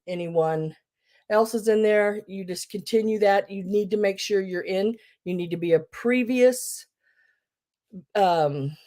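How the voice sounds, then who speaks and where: A middle-aged woman with a lowish, dark-toned voice hosts a casual live-stream sale online. She chats with viewers and greets them by name, using lots of fillers and restarts.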